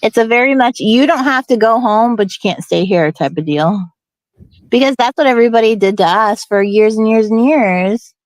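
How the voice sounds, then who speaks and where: A woman's voice: on the high side, normal speed, no room sound. Woman host from portland, middle-aged, blunt and profane, laughs a lot, dry close recording. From Portland, USA. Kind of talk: casual chat.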